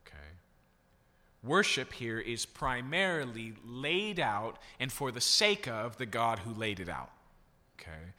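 A man's voice: fairly low pitch, animated, a little slow, bright, forceful tone. A man preaching a sermon as a pastor, teaching through a text and asking the congregation questions. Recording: long hall reverb.

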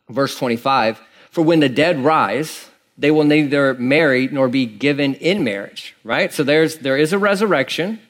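A man, a pastor, preaching a conversational sermon in a casual, rambling storytelling manner with many fillers and restarts. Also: medium pitch.

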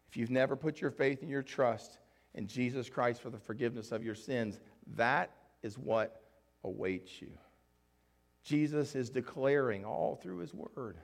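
A man's voice: mid-range voice, expressive, unhurried, gravelly. A male pastor preaching a sermon with an earnest, emotional, pleading delivery.

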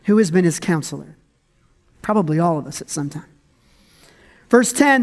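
This conversational sermon comes from a pastor who reads scripture and riffs on it with humor, laughing frequently while his pitch swings dramatically. He sounds animated, keeping a moderate pace broken by long pauses.

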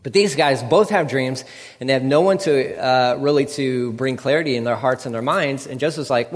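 A man's voice: medium pitch, moderate pace, long reverb tail. A man preaching a casual, conversational sermon and acting out what people say in shifting voices. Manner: conversational, acts out quotes in varied voices. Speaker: pastor.

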